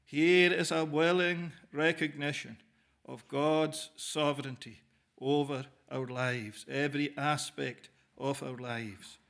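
Slow, gravelly-voiced man preaching. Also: a little high, fairly even intonation, fairly bright tone. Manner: slow, measured phrasing with frequent pauses, addressing listeners as dear friend. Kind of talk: sermon.

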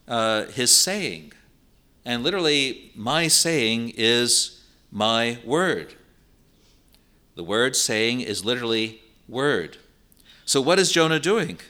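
A man's voice: medium pitch, bright, forceful tone. A man preaching a sermon, explaining a Bible passage earnestly and driving points home through repetition. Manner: slow, earnest Bible exposition with emphatic repetition.

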